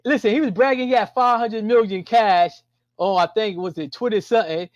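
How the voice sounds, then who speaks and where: A man's voice: high voice, a little fast, no room sound. A man in casual political chat on a call-in show, rambling with many restarts and loose slang. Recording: muffled lo-fi call audio.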